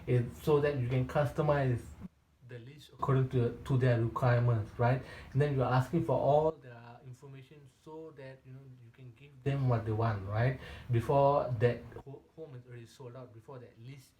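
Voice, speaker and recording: A man with a mellow, warm voice coaches real estate agents in a Q&A session. He talks in short, emphatic bursts, repeats his key points and keeps checking in with "right?". The recording sounds roomy, with a noticeable echo. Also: mid-range voice, steady tone, moderate pace. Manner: repetitive and emphatic, with frequent restarts.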